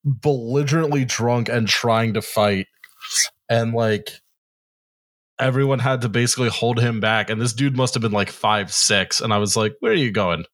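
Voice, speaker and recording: A man in his thirties, mid-pitched, swapping stories on a casual podcast. He acts out each quote as he goes and swears with ease. His tone stays loose and conversational. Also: normal speed. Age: 30s. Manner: animated storyteller, acts out quotes, swears freely. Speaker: podcast co-host. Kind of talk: casual storytelling chat.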